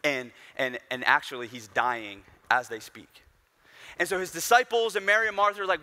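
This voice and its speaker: A man's voice: on the high side, fairly even intonation, normal speed, sharp tone. A young man preaching a sermon in a casual, storytelling way with conversational asides. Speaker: pastor.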